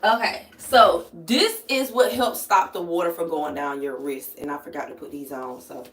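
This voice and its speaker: A woman's voice: normal speed, fairly bright tone. A woman hosting a casual livestream at home, chatting through her skincare routine, reading viewer comments aloud and laughing often. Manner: laughs often, bursts into high squeals. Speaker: livestream host.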